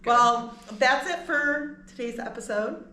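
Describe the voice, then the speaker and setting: Woman podcast co-host, bright, animated, echoey room. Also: on the high side, takes it slowly. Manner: lively, playful. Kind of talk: casual chat. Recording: roomy with faint ambient noise.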